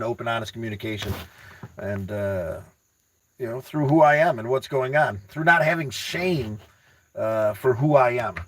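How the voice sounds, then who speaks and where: A man hosting a casual livestream, reading chat aloud and rambling excitably with motivational talk, often repeating his words. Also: mid-range voice, no room sound, rough recording. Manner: addresses viewers by name, teasing.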